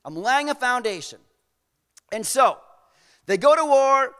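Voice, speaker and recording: High-voiced casual preacher. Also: male voice, animated, a little slow, bright, forceful tone, clean tone, in a large hall. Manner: casual, paraphrasing with slang. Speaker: pastor. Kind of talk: sermon storytelling.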